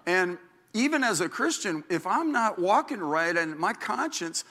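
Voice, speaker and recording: A man in his sixties, a pastor, preaching a sermon in a chatty, animated way, acting out quotes and stories. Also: measured pace. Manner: animated, chatty, acts out quotes with big pitch jumps.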